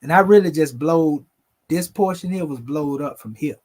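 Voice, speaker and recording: Male host, relaxed explanatory chat over images, slightly higher-pitched, calls his audience family. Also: normal speed. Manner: conversational, addresses viewers as family. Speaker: video host presenting photos. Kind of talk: casual explanatory talk over pictures.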